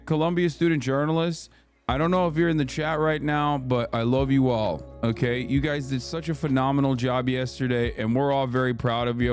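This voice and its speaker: A man talks straight to his livestream audience in a loose, swearing rant, his pitch climbing as he gets worked up. His voice sits at an ordinary middle pitch. Faint music plays softly behind him. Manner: heated, profane, emphatic. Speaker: streamer. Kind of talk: casual political livestream rant.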